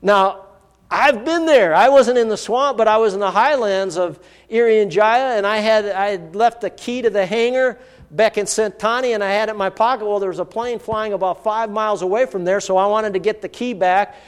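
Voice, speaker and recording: A man's voice: high-pitched, normal speed, smooth. A man preaching a sermon, telling a personal story in an earnest, vivid way. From United States. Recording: long hall reverb.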